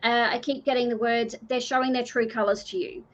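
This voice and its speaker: A woman's voice: on the high side, steady tone, a little fast. An Australian woman giving a live intuitive card reading in an earnest, repetitive, pleading manner. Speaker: card reader. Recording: dull lo-fi stream audio.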